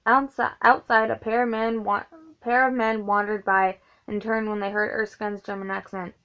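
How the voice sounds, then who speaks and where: A woman's voice: medium pitch, little pitch movement, normal speed, bright, forceful tone, dull audio. A woman reading a novelization aloud, often stumbling and correcting herself. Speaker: reader of a book.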